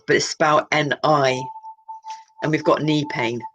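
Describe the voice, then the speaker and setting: A woman with a notably low voice reads a colour card list aloud as the host of her channel. She keeps drifting off into wandering, musing asides and breaks off her own sentences before returning to the list. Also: steady tone, unhurried, pauses often, a bit bright, a little hiss or hum, poor audio. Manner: wandering, self-interrupting, musing. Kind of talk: reading aloud with rambling asides.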